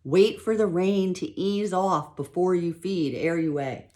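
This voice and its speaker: A woman reading as a calm, wry old grandmother. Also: rumbling low, moderate pace. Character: calm, dry-humored elderly grandmother. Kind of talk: home storybook reading.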